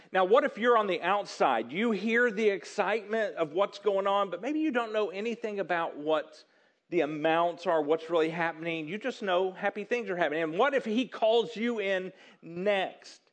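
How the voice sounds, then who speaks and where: A man preaching a sermon, telling a story with lively, animated delivery and acting out excited characters. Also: high voice, moderate pace. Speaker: pastor.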